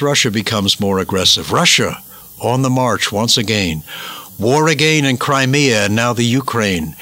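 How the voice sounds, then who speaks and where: A man's voice: medium pitch, sharp tone. An American man giving preachy political commentary, emphatic and indignant, repeating words for stress. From United States.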